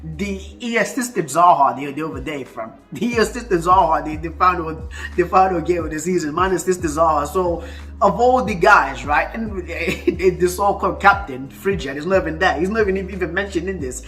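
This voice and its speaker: A man's voice: fairly high pitch, normal speed, a bit bright, faint music behind. A man, ranting about football in a casual vlog, heated and full of stuttering restarts. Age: 20s. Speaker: football fan vlogger.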